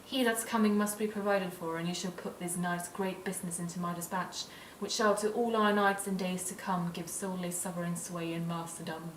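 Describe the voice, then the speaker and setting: A young woman reciting a scheming, commanding noblewoman in a measured, intense voice. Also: lowish voice, fairly even intonation, roomy sound, recorded from a distance, a little hiss or hum, natural voice, low-quality recording. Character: scheming noblewoman Lady Macbeth, cold and commanding. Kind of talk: dramatic Shakespeare recitation.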